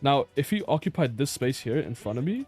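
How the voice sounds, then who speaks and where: A man's voice: mid-range voice, big pitch swings, brisk, darkish tone, faint music behind. A man reviewing his own match footage in casual commentary, blunt and exasperated, swearing and laughing in disbelief at mistakes.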